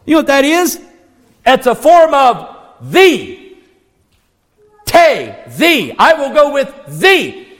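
A man preaching a sermon, emphatic, asking rhetorical questions and rising to near shouts. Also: very high-pitched, sing-song, takes it slowly, pauses often. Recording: long reverb of a large hall.

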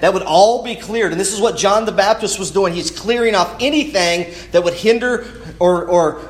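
A man preaching a sermon in an earnest way, often restarting words as he goes. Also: high-pitched. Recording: roomy echo.

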